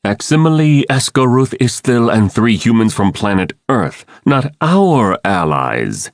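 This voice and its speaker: A man's voice: low voice, sing-song, takes it slowly, no room sound, clean studio sound, exaggerated voice. A man voicing a cold sneering alien controller. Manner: sneering, mocking. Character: cold cruel alien mind-controller, male.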